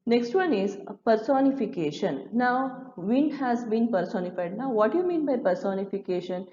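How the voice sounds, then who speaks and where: A woman's voice: a little high, expressive, normal speed, mellow. Woman teacher with Indian English accent. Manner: patient explaining, many restarts and fillers. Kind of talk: classroom lesson explaining a poem. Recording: echoey room, dull lo-fi sound.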